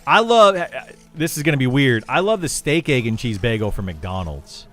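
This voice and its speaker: A man's voice: mid-range voice, normal speed. Young male game streamer, easygoing and chatty, mid-range voice, faint music underneath. Loose and rambling delivery. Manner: rambling, relaxed, many fillers and restarts. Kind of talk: casual livestream chat with viewers.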